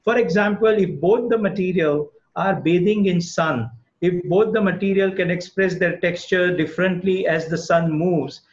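A man from India speaks as a guest architect over a video call, earnest and rambling, with plenty of fillers. His voice sits a little high. The call audio is muffled and lo-fi. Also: moderate pace. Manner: earnest, discursive, frequent "uh" fillers. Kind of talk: webinar Q&A answer.

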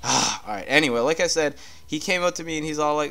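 A man's voice: mid-range voice, quick pace, sharp tone. A man casually commentating a video game playthrough, rambling, swearing and getting irritated at the game. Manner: profane, rambling, easily irritated. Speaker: gameplay commentator. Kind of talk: casual let's-play commentary.

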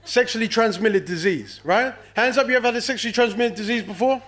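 Brash high-voiced comedian. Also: male voice, fast, a bit bright. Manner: brash, profane, crowd-teasing. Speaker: stand-up comedian. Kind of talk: stand-up comedy set. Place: comedy club stage.

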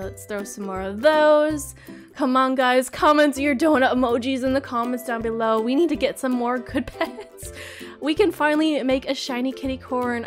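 A young woman with a high, girlish voice gives bubbly, excitable gameplay commentary into a desktop mic. She bursts into squeals whenever something good turns up. Soft music plays underneath. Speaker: gaming channel host. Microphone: desktop microphone.

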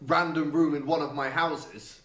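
A man's voice: on the high side, steady tone, unhurried, crowd noise, lightly acted. A man playing an exasperated, indignant viscount in an amateur comedy sketch. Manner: huffy, exasperated. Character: indignant male viscount who owns the estate. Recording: echoey room from a distance, noise.

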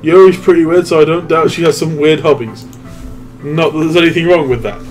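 A man's voice: a little high, fairly even intonation, brisk, faint music behind, low-quality recording. Man reading game lines with wry asides. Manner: reads game text aloud with wry asides. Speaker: let's play commentator. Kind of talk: group game playthrough, reading dialogue aloud.

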